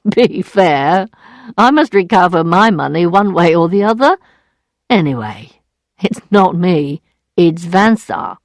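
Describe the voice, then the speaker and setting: A woman playing a cold, scornful male moneylender who speaks slowly, in a storybook reading. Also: fairly low pitch, very animated, no echo, clean studio sound, exaggerated voice.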